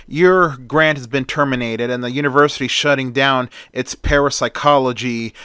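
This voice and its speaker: Guy doing a strict college dean, firm and preachy, clear bright voice. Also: mid-range voice, moderate pace, no room sound, studio quality, close to an everyday voice. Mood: stern. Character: stern middle-aged male college dean.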